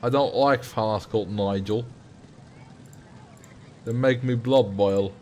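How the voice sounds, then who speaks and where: A streamer playing a cocky British bloke, using mock slang and picking fights. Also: male voice, on the low side, slow pace, a little mellow, slight background noise. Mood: belligerent.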